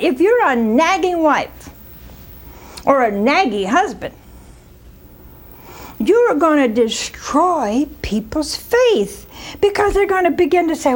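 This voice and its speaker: A woman's voice: sits high, sing-song, measured pace. A woman preaching a storytelling sermon, retelling scripture with chatty asides and rhetorical questions to the congregation.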